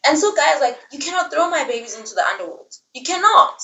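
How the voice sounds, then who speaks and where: A woman's voice: sits high, sing-song, fast talker, sharp tone, echoey room, far from the mic, highs cut off. A young woman telling a casual story recap, chatty and digressive, with dramatic asides. The voice sits in a room, set back from the mic. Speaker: book reviewer.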